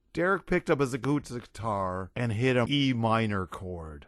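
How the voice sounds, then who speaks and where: A man narrating an audiobook in a lively, expressive storytelling manner. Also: medium pitch, normal speed, few pauses, dry recording, clean studio sound.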